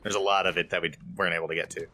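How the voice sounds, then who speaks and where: A man's voice: deep voice, level tone, racing, sharp tone, a little hiss or hum. A man in a co-op gaming session, talking in a rambling, hesitant way with many fillers. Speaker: co-op gameplay host. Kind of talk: casual gaming chat.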